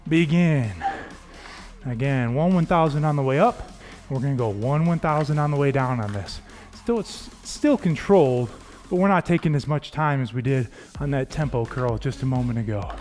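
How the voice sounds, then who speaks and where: A man's voice: medium pitch, animated, normal speed, a little mellow, soft background music. A man leading a home dumbbell workout as fitness coach, calling out cues and counting reps in an encouraging way.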